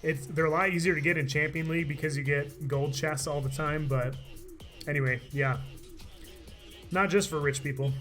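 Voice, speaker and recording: A man's voice: on the high side, little pitch movement, a little fast, pushed and bright, faint music behind. A man streaming a game live, chatting casually and laughing often, his voice tired from talking all day. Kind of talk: live gameplay commentary.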